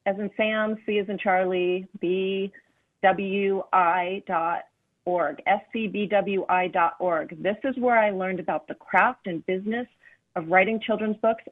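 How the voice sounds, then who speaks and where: A woman author reads a children's storybook and gives gentle, encouraging advice. Her voice comes through a thin, phone-like line, close and dry. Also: mid-range voice, no echo. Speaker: children's book author, guest. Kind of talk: storybook reading and interview.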